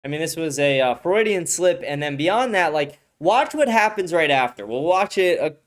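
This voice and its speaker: A young man hosts a podcast and comments on a clip. He talks in a loose, rambling way with plenty of profanity. His voice sits a little high for a man. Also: expressive, moderate pace. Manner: rambling, frequent swearing, restarts. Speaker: podcast host.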